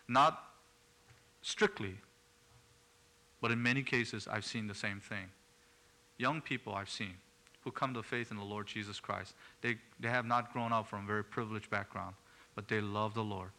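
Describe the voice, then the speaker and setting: A man's voice: mid-range voice, vocal fry, pushed and bright. A man preaching a sermon in an earnest way, rising to emphatic bursts.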